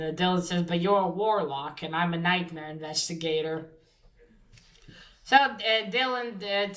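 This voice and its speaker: A woman's voice: medium pitch, fairly bright tone, poor audio. A woman casually recapping a comic book story, swearing freely and retelling each scene with lots of fillers.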